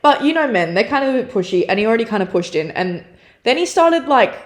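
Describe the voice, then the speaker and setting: A young adult woman co-hosting a casual chat, telling a story in a chatty, animated way with lots of fillers. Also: fairly high pitch, fast talker. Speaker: podcast co-host.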